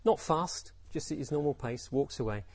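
Casting: male Buddhist teacher, husky, dry close sound, reflective storyteller. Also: fairly high pitch, expressive, normal speed, darkish tone, no echo. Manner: reflective, poses rhetorical questions, acts out quotes. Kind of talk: Dharma talk with storytelling.

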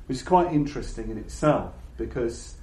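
An older man giving a reflective Buddhist dharma talk to an audience. He speaks in a halting, thoughtful way and often repeats words while he searches for the phrasing. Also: medium pitch, a little mellow. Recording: roomy echo with faint background noise.

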